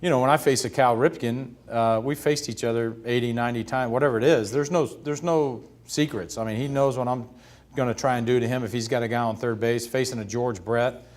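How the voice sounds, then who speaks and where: A man in his fifties, a retired pitcher, telling stories in an interview and laughing as he goes. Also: fairly even intonation, a little fast, a little mellow. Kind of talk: storytelling in a sit-down interview.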